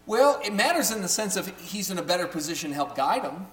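A man's voice: high voice, sing-song, quick pace, a bit bright. A man giving a conversational Bible teaching to a live group, often checking in with his listeners. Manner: chatty, keeps checking in with the audience. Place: room with a live audience. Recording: roomy echo with faint hum.

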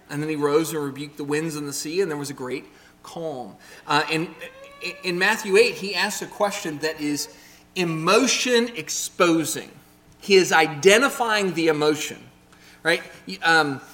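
A man's voice: a little high, fairly bright tone. A man giving a conversational Bible teaching to a live group, often checking in with his listeners. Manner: chatty, keeps checking in with the audience. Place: room with a live audience. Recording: roomy echo with faint hum.

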